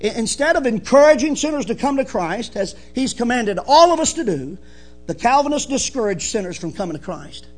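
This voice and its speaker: A male preacher with a strikingly high voice delivers his sermon with fervour. He drives each point home with emphasis, dropping soft and then rising loud. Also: sing-song, a little fast, soft background music. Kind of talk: evangelical sermon.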